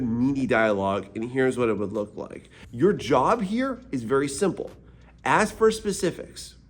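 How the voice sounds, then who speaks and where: A man's voice: mid-range voice, darkish tone. A man teaching art sales as a mentor, talking casually and energetically straight to the viewer. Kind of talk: direct-to-camera teaching video.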